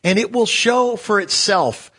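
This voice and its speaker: A man chatting casually as a co-host, telling animated stories and acting out the people in them. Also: high voice, measured pace, breathy edge. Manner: animated, acts out voices in his stories. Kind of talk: casual storytelling chat.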